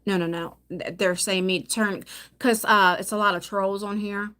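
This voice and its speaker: A woman's voice: mid-range voice, fairly even intonation, moderate pace, fairly bright tone. A middle-aged woman chatting casually on a live phone stream, telling family stories with many restarts. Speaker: vlogger.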